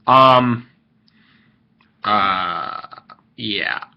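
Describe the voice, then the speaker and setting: A man's voice: lowish voice, extremely slow, creaky. A man hosting his own video, ranting in a rambling, irritated way with lots of fillers and restarts. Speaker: video host ranting to viewers. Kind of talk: casual vlog rant. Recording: dull lo-fi recording.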